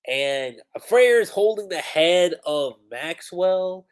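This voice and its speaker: A man giving casual, excitable commentary on a manga chapter during a livestream. He talks with lots of "like" fillers. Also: a little high, takes it slowly, few pauses. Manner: excitable, animated, full of "like" fillers, breaks into laughter.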